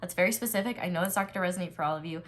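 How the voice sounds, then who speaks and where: A woman's voice: fairly low pitch, rapid-fire. Chatty young woman reading tarot. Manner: chatty, filler-heavy, excited bursts over cards. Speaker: tarot reader. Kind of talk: casual tarot reading to camera.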